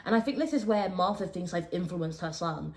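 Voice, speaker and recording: Young woman, lowish voice, frank animated storytelling, casual podcast chat. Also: a little fast. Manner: frank, animated, laughs often. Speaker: podcast co-host.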